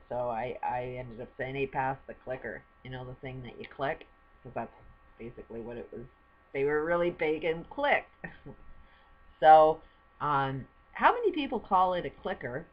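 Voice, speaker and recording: A woman's voice: a bass voice, lo-fi sound. An older woman vlogging at home, chatting to camera in a rambling way and laughing often. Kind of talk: casual chat to camera. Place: at home with a pet bird.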